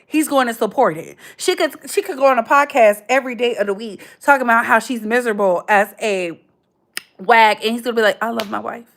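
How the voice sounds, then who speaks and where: Woman, 30s, livestream host; slangy, animated gossip commentary, voice sits a touch high. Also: brisk. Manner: chatty, animated, slangy, calls viewers "baby".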